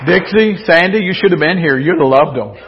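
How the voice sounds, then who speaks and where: A man preaching a sermon to his congregation in a folksy, joking way, his voice a little hoarse because he is losing it. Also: fairly high pitch, brisk, crowd noise, noisy background. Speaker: pastor. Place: church sanctuary. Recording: distant, dull church recording with long reverb.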